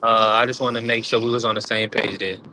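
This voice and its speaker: A man hosting a casual livestream panel, relaxed and laughing, throwing out shout-outs in slang. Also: fairly low pitch, fast, slight background noise. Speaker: host.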